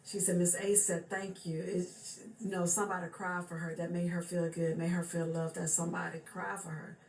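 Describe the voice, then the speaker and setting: A woman's voice: on the low side, little pitch movement, moderate pace, a little mellow. A woman telling a personal story in a casual, chatty way, often circling back with "she said" and "for real.". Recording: echoey room with faint background noise.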